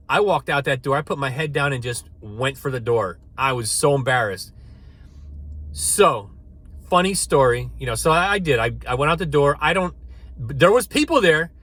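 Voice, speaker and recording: A man's voice: fairly high pitch, fairly bright tone. A man telling a rambling, funny personal story to camera as a network marketing coach, often restarting his sentences and laughing at himself.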